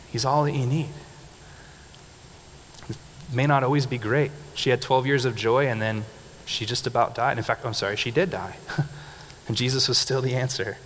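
A young man preaching a casual, animated sermon, laughing often and leading the room in call-and-response. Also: medium pitch. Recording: reverberant hall with faint background noise.

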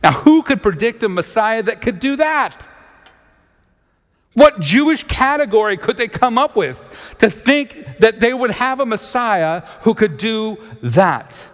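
A man preaching a sermon, reading scripture and retelling it in lively storytelling, acting out the characters' voices. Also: sits high, a little slow, long reverb tail. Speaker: pastor.

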